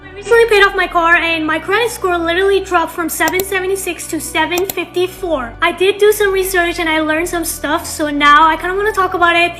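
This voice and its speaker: High bright-voiced girl in her 20s, earnest vlog explainer. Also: steady tone, a little fast, faint music behind. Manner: earnest, reassuring.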